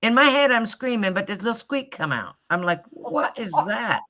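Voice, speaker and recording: An older woman chatting casually, telling animated stories and acting out her own reactions with lots of exclamations. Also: fairly high pitch, fairly quick. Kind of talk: casual chat.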